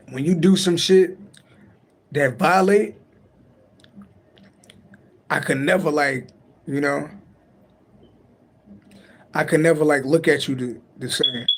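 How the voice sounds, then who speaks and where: A man giving a late-night tarot reading on a livestream, talking in a loose, profane, rambling and joking way. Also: fairly high pitch. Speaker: tarot reader on a live stream. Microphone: livestream mic.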